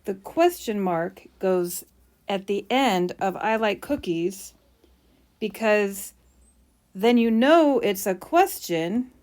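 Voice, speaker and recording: A woman's voice: medium pitch, animated, takes it slowly, a little mellow. A woman teacher explaining punctuation while writing, with playful mock bragging asides.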